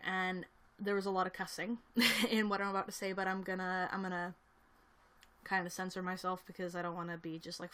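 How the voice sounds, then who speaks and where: A woman's voice: medium pitch, fairly bright tone. A young woman talking casually on her livestream, rambling through a story with frequent "like"s and small laughs. She sits at her computer, talking to a camera on a selfie stick, and snacks as she reads the chat. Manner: snacking and reading chat aloud.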